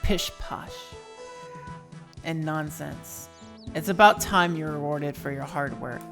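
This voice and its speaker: A woman putting on a pompous old knight commander, all posh, fussy old-fashioned phrasing. The voice sits low, and faint game music plays underneath. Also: slow pace, creaky, heavily acted. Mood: briskly official.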